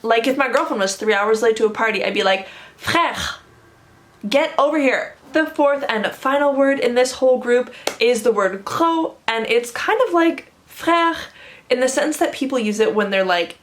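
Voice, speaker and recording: A woman's voice: fairly high pitch, fairly quick. A young woman with a North American accent, explaining slang in a casual, emphatic vlog. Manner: enthusiastic, emphatic, lots of fillers. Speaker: language vlogger.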